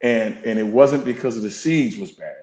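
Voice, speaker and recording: A fire captain and coach, interviewed on a podcast, talks at normal speed in a medium-pitched, slightly mellow voice. He is candid, reflective, and earnestly preacher-like, and the lo-fi recording has a roomy echo.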